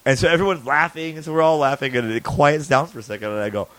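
A man's voice: on the high side, fast talker, fairly bright tone. Laid-back, foul-mouthed male podcast host. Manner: loose, profane and laughing, with frequent restarts. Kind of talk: casual chat, storytelling.

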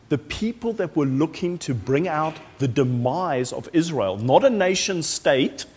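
A pastor preaching a sermon with animated, emphatic storytelling and frequent repetition. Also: male voice, on the high side, slightly rough. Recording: echoey hall.

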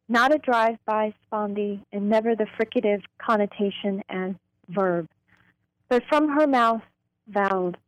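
A woman, a poet, reading her own poems aloud in a slow, deliberate way. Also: mid-range voice, no echo, rough recording. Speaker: poet guest.

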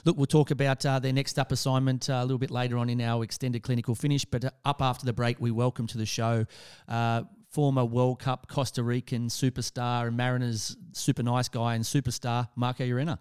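An Australian man hosts sports talk radio, speaking in a smooth, clear voice. His pitch sits in the middle, and he keeps things upbeat and chatty with friendly banter. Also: little pitch movement, fairly quick, hardly any pauses, a little mellow.

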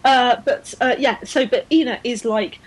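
A woman's voice: fairly high pitch, moderate pace, slightly rough, poor audio. A woman co-hosting a casual podcast chat, enthusiastic and full of fillers and restarts. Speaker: podcast co-host. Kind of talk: casual chat about women's cycling.

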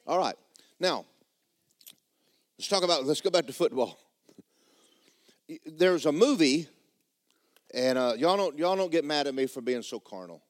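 A man's voice: fairly high pitch, expressive, measured pace, long pauses, dry recording, clean studio sound. A man preaching a sermon in a church, folksy and blunt, building to fervent emphasis. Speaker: pastor. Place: church sanctuary.

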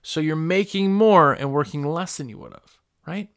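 At a normal speed and with lively intonation, a man with a fairly high voice runs a podcast for window cleaners. Seated at a computer microphone, he drifts casually through business advice and acts out calls with customers.

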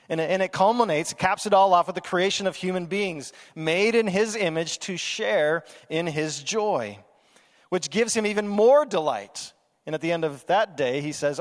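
Male pastor, high-pitched, lively conversational sermon, long hall reverb. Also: normal speed. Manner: animated, conversational preaching with playful asides.

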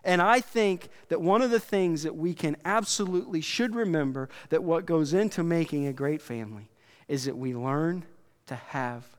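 A middle-aged man preaching a sermon in a conversational, halting way, with frequent restarts and asides to his audience. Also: fairly high pitch, smooth, in a large hall. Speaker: pastor.

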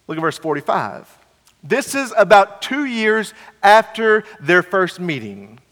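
High bright-voiced guy preaching, repeats himself a lot, hall echo. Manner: earnest, repeats phrases, voices the Pharisees mockingly. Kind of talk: sermon.

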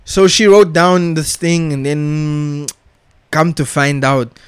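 A young man's voice, pitched a touch high, talking straight into a dry, close mic with no room sound. He rants casually in thick slang, swears freely and leans on repeated filler address words. The delivery is emphatic and restless. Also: fairly even intonation, slow pace, clear, resonant tone, no echo. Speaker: vlogger reviewing a TV show. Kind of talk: casual rant.

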